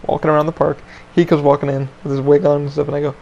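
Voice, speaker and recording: A man's voice: fairly high pitch, level tone, very fast, creaky, darkish tone, dull audio. A man hosting a podcast, telling a story in a casual chat with lots of swearing and loose rambling. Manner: profane, laid-back, loose rambling. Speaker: podcast host.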